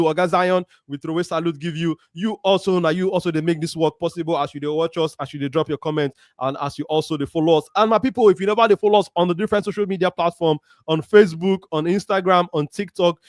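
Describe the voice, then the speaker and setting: A man from Nigeria, speaking with a Nigerian Pidgin accent, hosts a casual football chat show, reading out viewer comments and giving lively shout-outs. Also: sits high, no echo, clean studio sound. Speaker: show host. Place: Warri, Nigeria.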